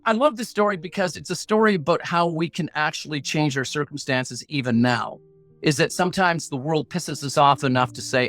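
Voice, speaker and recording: A middle-aged man speaks briskly with a fairly high pitch and a fairly bright tone, telling a personal story as a podcast guest; he's a negotiation coach. Earnest, blunt and plain-spoken, he has a punchy motivational manner and performs his inner voices. No room sound is audible, though faint music plays.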